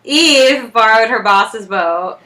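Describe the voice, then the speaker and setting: Young female co-host, bright tone, chatty recapper who acts out the dialogue. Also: fairly high pitch, animated, takes it slowly, a little hiss or hum. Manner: chatty, acts out characters' lines while retelling. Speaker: podcast co-host. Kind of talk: casual chat recapping a TV episode.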